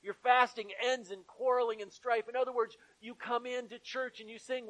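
Male pastor, high voice, earnest repetitive sermon cadence, church setting. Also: steady tone, normal speed, few pauses, fairly bright tone, poor audio.

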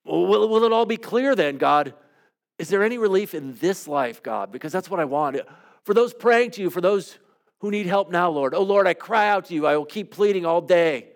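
A man leading a devotional, praying aloud in an earnest, pleading way with soft, hushed trailing endings, then teaching calmly. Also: high-pitched, normal speed. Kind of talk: reflective spoken prayer and teaching.

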